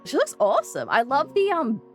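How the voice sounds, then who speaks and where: High, lively Australian woman, giggly streamer chat, faint music behind. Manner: giggly, bubbly and excitable, quick gasps and squeals. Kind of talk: casual live-stream chat.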